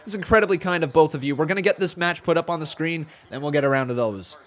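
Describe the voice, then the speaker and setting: A man from Ontario with a Canadian accent, hosting a live watch-along and chatting with viewers. He is excitable, laughs often and whoops loudly when donations come in. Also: on the high side, fast talker. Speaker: live stream host.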